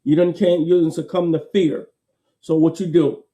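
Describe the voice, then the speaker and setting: A man gives a casual motivational talk. His tone is very dark and mellow, sitting a little high. He repeats his points emphatically in a folksy way. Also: flat delivery, moderate pace. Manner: folksy, repetitive, emphatic with laughs.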